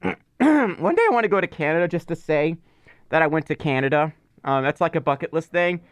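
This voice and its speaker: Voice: mid-range voice, animated, a little fast, clear, resonant tone, no echo. Playful streamer with a cough. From Mississippi. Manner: rambling, playful, teasing. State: lingering cough. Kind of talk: casual livestream chat.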